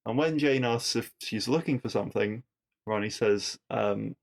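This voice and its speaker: A man's voice: fairly low pitch, moderate pace, gravelly. Chatty man recapping a TV episode. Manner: chatty, digressive, with wry asides and rhetorical questions. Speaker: podcast host recapping an episode.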